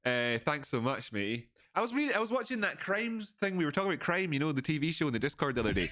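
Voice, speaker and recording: A man's voice: fairly high pitch, big pitch swings, fast talker, hardly any pauses, music in the background. A man with an Edinburgh Scottish accent hosting a casual livestream, rambling with frequent restarts as he thanks viewers. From Scotland. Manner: rambling, restarts often, reads out donor messages. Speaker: livestream host.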